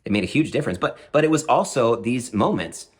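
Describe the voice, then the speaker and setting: A man telling a personal story in a lively, conversational way with frequent asides. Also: medium pitch, fairly quick, slightly rough.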